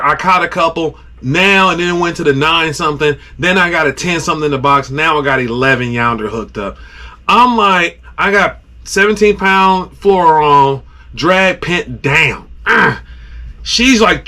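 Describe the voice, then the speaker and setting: A man hosting a podcast, telling a story in a casual, animated way, with sound effects and lots of "like". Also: high voice.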